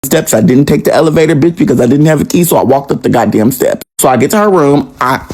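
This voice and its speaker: Animated, profane man telling a story. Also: on the high side, quick pace. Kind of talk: casual storytime monologue.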